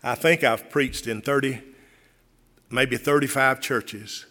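A man's voice: mid-range voice, steady tone, takes it slowly, sharp tone. Older male retired pastor, fervent storytelling sermon delivery, recorded with long reverb in a church. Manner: storytelling preacher, rising to fervent appeals.

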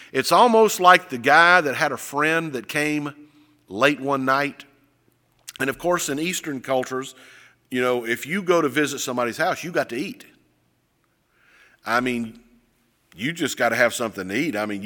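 A man preaching a sermon, retelling stories animatedly, acting out voices and shouting. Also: mid-range voice. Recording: long hall reverb.

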